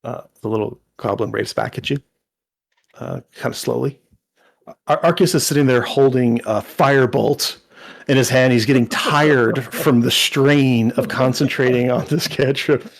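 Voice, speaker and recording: A man's voice: medium pitch, normal speed, vocal fry. A man narrating a tabletop game as game master, rambling with frequent restarts. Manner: rambling, many restarts and fillers.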